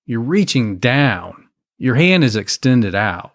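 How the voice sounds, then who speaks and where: Lively, expressive male cohost. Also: mid-range voice, slow. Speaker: podcast cohost. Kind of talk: casual chat.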